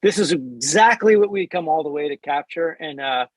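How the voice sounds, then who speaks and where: A man, a band's bassist, recalling past recording work in a relaxed podcast interview. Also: moderate pace, no room sound, low-quality recording. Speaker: band bassist.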